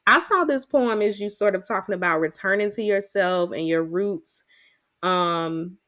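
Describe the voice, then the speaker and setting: A woman hosting a podcast, asking questions in a relaxed, casual interview chat. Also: mid-range voice, unhurried. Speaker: podcast host.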